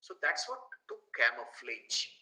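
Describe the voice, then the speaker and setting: A middle-aged man with an Indian English accent lectures a class in a very bright, forceful voice. His tone is animated and he throws in rhetorical questions. His pitch sits in the middle of the usual range for a man. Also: unhurried, low-quality recording. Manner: animated, rhetorical asides, fillers and repeated words. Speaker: guest lecturer.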